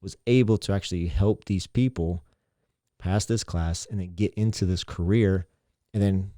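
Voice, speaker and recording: A man's voice: sits low, moderate pace, mellow, dry recording, clean studio sound. A man, a teacher and mentor, talking earnestly and reflectively in a casual interview, often repeating himself. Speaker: teacher and mentor, podcast guest.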